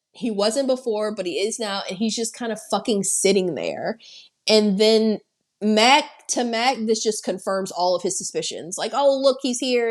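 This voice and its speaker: A woman co-hosting a podcast, retelling a horror film in casual, profane chat and acting out the characters' lines. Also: medium pitch. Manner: animated, profane storytelling with acted-out quotes. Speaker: podcast co-host.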